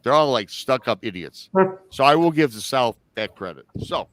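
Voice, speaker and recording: A man's voice: mid-range voice, lively intonation, normal speed, a bit bright, no echo. A man from Michigan hosting a livestream, telling a story in a rambling, chatty way that often corrects itself. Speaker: host.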